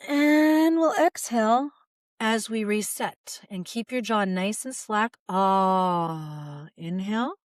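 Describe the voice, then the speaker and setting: A woman voice coach calmly guiding listeners through relaxation exercises, modeling sighs and open "ah" sounds. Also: fairly high pitch, slow pace, no echo, clean studio sound. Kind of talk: guided vocal exercise instruction.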